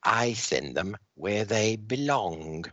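A man voicing a menacing female alien soldier who speaks in slow, halting broken English, with a dull, dry recording sound. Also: lowish voice, lively intonation, sharp tone, no echo, exaggerated voice.

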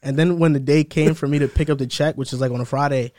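A young man in casual chat with friends, telling stories about old jobs in a relaxed way, saying "bro" a lot. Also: fairly high pitch, quick pace, dry recording, clean studio sound. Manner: relaxed storytelling, says "bro" often.

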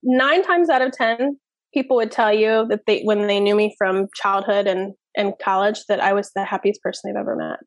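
A woman in her thirties, a parenting expert, telling stories in a lively, casual podcast chat full of fillers. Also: medium pitch, moderate pace, dry recording. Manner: animated storytelling, many fillers.

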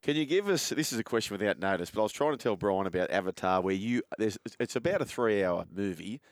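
A man's voice: on the low side, lively intonation, fast talker, no room sound, clean studio sound. A man hosting a sports radio show, telling a story with enthusiasm and footy comparisons. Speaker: radio host. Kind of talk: casual radio chat.

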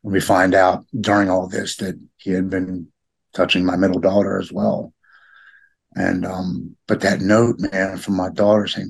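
A middle-aged man with a halting, heartfelt way of talking, often repeating words as he opens up in a personal conversation. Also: deep voice, little pitch movement, vocal fry, husky. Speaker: podcast guest.

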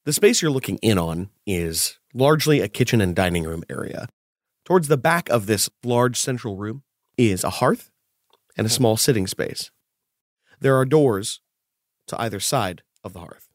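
A man narrating a tabletop game as game master, with a steady, descriptive delivery. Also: fairly low pitch, moderate pace, no echo, studio quality.

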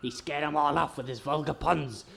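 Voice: medium pitch, fairly even intonation, moderate pace, vocal fry, fairly bright tone, a little hiss or hum. A performer playing a growling old pirate captain in an amateur radio comedy. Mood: gruff.

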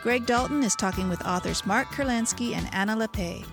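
A woman reading scripted announcer links for a radio show in a measured way. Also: on the high side. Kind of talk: scripted narration. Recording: announcer voice over clear music bed.

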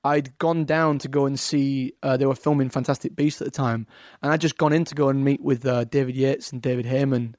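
A man's voice: mid-range voice, steady tone, brisk, a little mellow, no room sound, clean studio sound. A man with an English accent, a guest talking casually on a podcast, hesitant with fillers and restarts. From England. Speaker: actor guest.

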